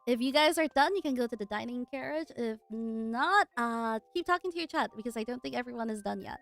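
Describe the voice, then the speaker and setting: A woman's voice: a little high, animated, a little fast, vocal fry, fairly bright tone. A woman running a murder mystery tabletop game as game master, laughing often as she talks.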